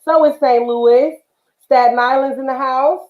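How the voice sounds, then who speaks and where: Chatty high-voiced woman livestream host. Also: fairly even intonation, a little slow, a little mellow. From Northern California, Bay Area. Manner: chatty, affectionate, many fillers. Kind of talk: casual livestream chat. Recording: roomy, dull livestream audio.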